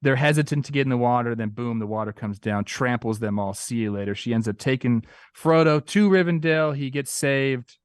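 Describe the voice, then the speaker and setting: A young man co-hosting a casual sports talk show, animated and playful, acting out quotes in goofy voices. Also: mid-range voice, fairly quick, few pauses, clean tone, dry recording, clean studio sound. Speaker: podcast co-host.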